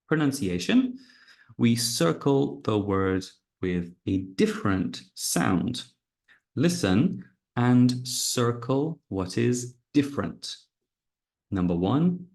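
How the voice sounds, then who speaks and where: A male English teacher going over grammar and pronunciation for learners, speaking slowly and stressing each word clearly. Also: medium pitch, big pitch swings, a little mellow. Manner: slow, clearly enunciated, exaggerated stress on words. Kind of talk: slow classroom grammar and pronunciation review.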